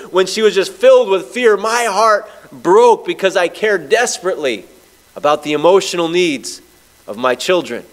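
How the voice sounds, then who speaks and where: Guy pastor giving a sermon, kinda high voice, slows way down on bible verses. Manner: storytelling preacher, slows down on scripture.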